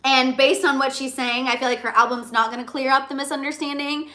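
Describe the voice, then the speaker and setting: A young woman hosting a live celebrity gossip stream, chatty and animated, often repeating herself. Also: high-pitched, a little fast. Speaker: livestream host. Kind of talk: excited celebrity gossip livestream.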